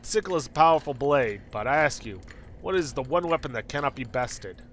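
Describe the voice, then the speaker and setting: A man's voice: medium pitch, expressive, brisk, a bit bright, slight background noise, close to an everyday voice. A man putting on a lofty, cosmic male entity that calls itself the end of time, grandiose and formal in every line. It speaks with solemn, theatrical gravity in a quirky game.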